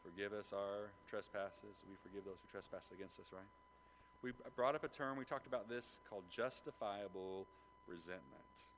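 A man's voice: on the low side, steady tone, normal speed, fairly bright tone, a little hiss or hum. A man preaching a sermon as pastor, talking conversationally and prodding the congregation with questions.

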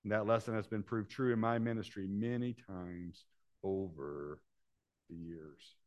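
A man preaching a sermon as pastor, rising to loud animated storytelling and dropping to soft hushed appeals. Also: lowish voice, a little slow, no echo.

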